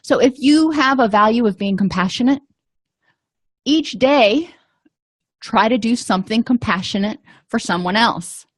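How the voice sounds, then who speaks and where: A middle-aged woman calmly explaining anger management tips in a casual talk, with frequent pauses and fillers. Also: fairly high pitch, no echo, studio quality. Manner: calm, explanatory, with frequent ums and you-knows. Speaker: vlogger giving advice.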